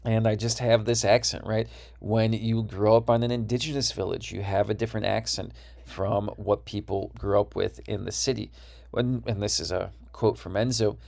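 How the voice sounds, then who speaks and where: A man's voice: lowish voice, fairly even intonation, moderate pace, gravelly, darkish tone. A man with a Wisconsin accent giving a recorded course lecture, explaining ideas and checking in with "right?".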